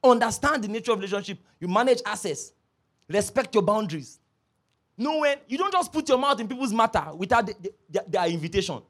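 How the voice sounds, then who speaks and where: A man preaching a sermon, telling stories with lively repetition. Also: high voice, brisk. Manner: animated storytelling, repeats phrases, laughs often. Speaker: pastor.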